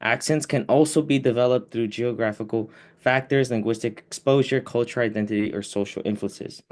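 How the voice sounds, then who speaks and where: A young man explaining a class topic as a student presenter, pausing often with fillers. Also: mid-range voice, darkish tone.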